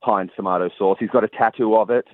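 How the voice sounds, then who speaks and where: A man doing a jokey, deadpan report from the field on a radio show. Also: on the low side, fast, dry recording. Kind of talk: comic live phone cross. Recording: tinny phone line.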